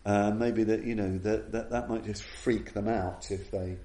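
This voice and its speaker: A man with a low, mellow voice gives a Buddhist dharma talk in an echoey room. He speaks earnestly and reflectively, often circling back to restart a phrase as he tells the story. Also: fairly even intonation, measured pace. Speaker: Buddhist teacher.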